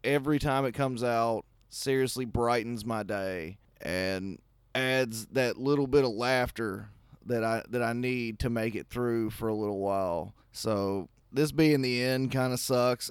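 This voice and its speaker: Man, caller, earnest and rambling, smooth and dry. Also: mid-range voice, dry recording. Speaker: caller, longtime listener. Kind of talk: recorded voice message.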